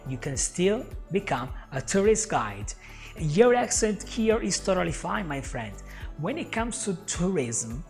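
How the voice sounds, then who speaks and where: An English teacher who is not a native speaker, giving job tips to camera in an upbeat way and often calling the viewer "my friend". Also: male voice, high voice, vocal fry. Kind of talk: talking to camera, tips video. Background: faint music.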